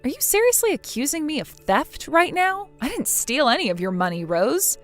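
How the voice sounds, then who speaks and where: A woman voicing a cool, sarcastic young wife in a scripted text-message drama, mocking quietly. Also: high voice, sing-song, normal speed, soft background music.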